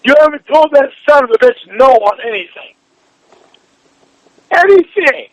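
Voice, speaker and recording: A man shouting in a heated private argument, furious and swearing nonstop, his voice sore and strained. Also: extremely high pitch, animated, unhurried, lo-fi sound.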